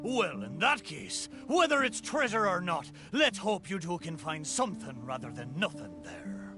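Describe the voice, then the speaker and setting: The friendly spirit of a pirate ship, wistful one moment and hearty the next. His voice is bright, fairly high and very animated. Faint game music plays under him. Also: moderate pace. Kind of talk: video game voice acting.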